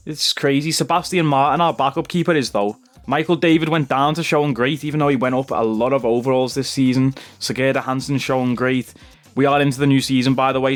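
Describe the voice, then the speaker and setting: Chatty young man saying bro. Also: medium pitch. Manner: chatty, says "bro" a lot. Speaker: gaming YouTuber. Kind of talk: casual gameplay commentary.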